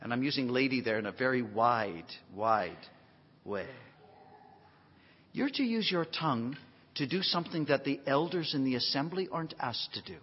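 A man preaching a sermon, swinging from quiet folksy asides to emphatic near-shouts, with self-deprecating humor. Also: medium pitch, expressive, moderate pace, husky. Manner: emphatic, rising to near shouts on key phrases. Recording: dull lo-fi recording in a long-reverb hall.

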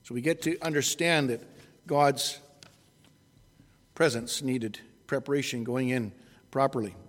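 A man preaching an expository sermon at an unhurried pace, often restarting and correcting himself. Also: mid-range voice, long reverb tail.

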